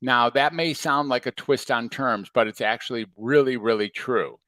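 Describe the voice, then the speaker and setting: A man coaching viewers in a livestream talk, calm and reflective, asking many rhetorical questions. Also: mid-range voice, normal speed, no room sound. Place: home or office, livestream.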